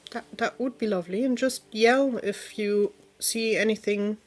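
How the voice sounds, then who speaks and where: A woman's voice: mid-range voice, moderate pace. A woman player in a tabletop role-play, speaking in character with some hesitation.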